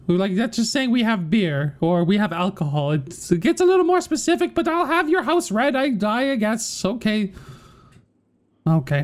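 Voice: medium pitch, natural voice. A roleplayer voicing a posh, easily shocked British mother who gasps and fusses in a street-crime game. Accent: put-on British. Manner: fussy, exclaims and gasps often.

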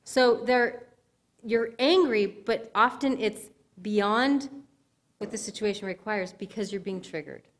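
A woman's voice: mid-range voice, unhurried. Woman teaching in a church sermon. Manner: conversational teaching, asks the audience if it makes sense. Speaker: speaker at a church service.

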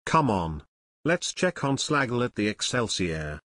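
A man voicing an earnest teenage sleuth who reasons things through calmly. He speaks in a thoughtful, steady way. The sound is dry. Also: medium pitch, measured pace, no room sound. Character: earnest teenage boy detective, older brother.

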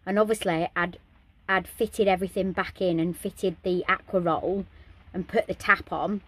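A woman's voice: fairly low pitch, fairly even intonation, moderate pace, dry recording. A woman vlogging inside a caravan, chatting casually and sounding exasperated, with lots of ums and restarts. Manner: chatty, exasperated, with many fillers. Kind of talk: casual vlog.

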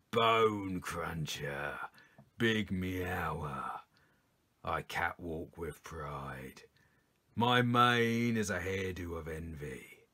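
Man putting on a deep breathy lion voice, slow and boastful, storybook style. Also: bright, forceful tone, exaggerated voice. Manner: low, breathy, half-whispered growl. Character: proud male lion, boastful.

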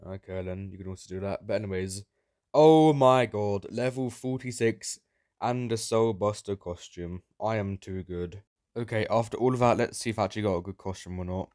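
A man giving excitable, sarcastic gameplay commentary, prone to sudden yelps. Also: on the low side, brisk, no room sound, studio quality. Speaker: Minecraft YouTuber.

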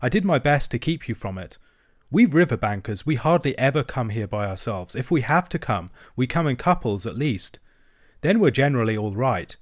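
A man's voice: medium pitch, no echo, clean studio sound. A man voicing a good-natured, brave male water rat who talks soothingly in a storybook reading. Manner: soothing, brisk and reassuring.

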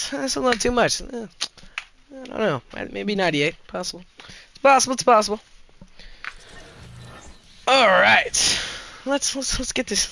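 A man with a high, bright voice talks through a game stream, firing off excited exclamations and curses between casual asides to his chat. His delivery is loose and reactive, addressing viewers directly. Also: a little hiss or hum. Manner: excitable, swears, bursts of exclamations. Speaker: gaming streamer. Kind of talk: casual live-stream chatter.

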